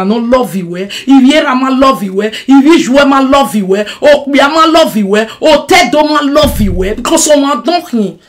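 High-voiced Nigerian woman ranting. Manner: swings between shouting and muttering, mixing Pidgin and English. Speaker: social media personality. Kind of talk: emotional live-stream rant.

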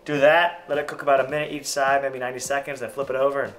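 A man's voice: mid-range voice, level tone, rapid-fire, fairly bright tone, soft background music. A man hosting a casual home cooking vlog, chatting easily and explaining each step as he cooks. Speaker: family fishing channel host. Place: home kitchen.

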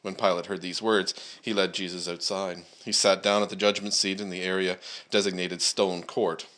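A man with a somewhat low voice leads a church service. He prays and then reads a long scripture passage aloud at a measured pace. His delivery is dotted with "uh" and "um" fillers. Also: flat delivery, a bit bright. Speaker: preacher. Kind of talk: prayer and scripture reading.

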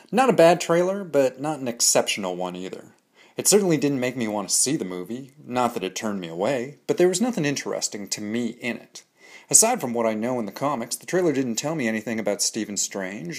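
Man delivering candid scripted reviews. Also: medium pitch. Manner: candid, opinionated, dryly joking. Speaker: host of a comics analysis show. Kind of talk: scripted pop-culture review monologue.

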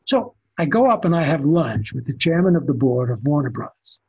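An older man, a photographer telling stories as an interview guest with animated restarts. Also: on the high side, a little fast, gravelly, husky, dull audio. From the Bronx, New York. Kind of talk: conversational storytelling interview.

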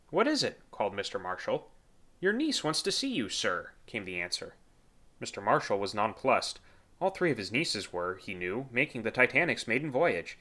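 A man reading a nonfiction history book aloud as an audiobook narrator, in a measured way, lifting his pitch when he voices quoted speech. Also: fairly bright tone.

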